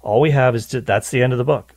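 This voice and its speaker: A man hosting a radio Bible teaching show, talking in an animated way and often repeating words as he starts a thought. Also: mid-range voice, fast talker, no room sound. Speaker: radio host.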